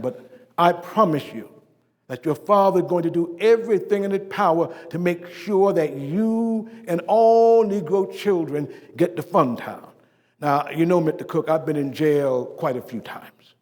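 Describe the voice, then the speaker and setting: A man playing a dignified civil rights preacher, telling his life story in a first-person stage monologue, with measured oratory that swells emphatically and drops to a hush. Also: on the high side, fairly even intonation, long reverb tail, natural voice. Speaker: living-history performer. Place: stage performance.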